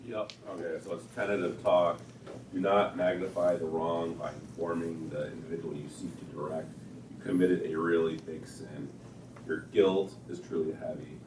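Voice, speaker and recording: Low-voiced guy reading a text out loud in class, roomy echo, background noise. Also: level tone, moderate pace, distant mic. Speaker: class participant.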